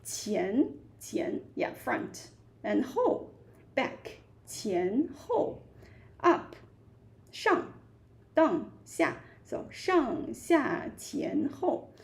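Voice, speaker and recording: A woman teaches a live beginner language class online, patiently repeating each word. Her voice sits a little high, with a gravelly fry running through it. She talks at a slow, deliberate pace. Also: big pitch swings. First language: Chinese. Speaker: Chinese teacher.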